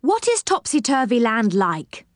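A woman voicing a calm, reassuring boy. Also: on the high side, unhurried, faint music behind, pitched above the performer's own voice.

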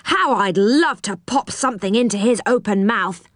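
A woman reading a storybook aloud, voicing a curious young boy who asks excited, wondering questions. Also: mid-range voice, normal speed, dry recording, studio quality, natural voice.

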